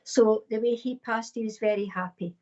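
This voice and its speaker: A woman's voice: a little high, fairly even intonation, moderate pace, dark tone. A woman, a psychic medium giving live readings in a chatty, casual way with many fillers. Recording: dull lo-fi stream audio.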